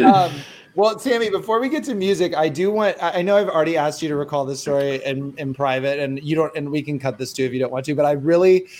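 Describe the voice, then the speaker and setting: A man's voice: on the high side, fast talker, a little mellow. A man co-hosting a podcast, chatty and rambling, laughing often as he sets up a guest's story. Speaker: podcast co-host. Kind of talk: casual chat.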